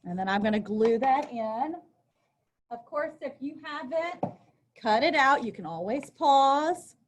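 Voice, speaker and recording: In a recorded lesson at a desk with a workbook, a woman teacher reads from a text and then explains it conversationally, adding casual asides. She has a high, expressive voice and a measured pace, with slight background noise.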